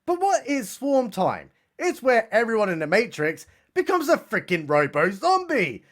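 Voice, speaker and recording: A man's voice: high voice, big pitch swings, measured pace, a bit bright. A young man giving a sarcastic, mocking comedic film recap. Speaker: film reviewer.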